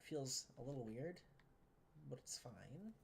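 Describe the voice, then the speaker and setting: A woman's voice: a bass voice, lively intonation, unhurried, gravelly. A woman streaming a train building game, talking casually to herself and viewers, sarcastic and exasperated, often swearing.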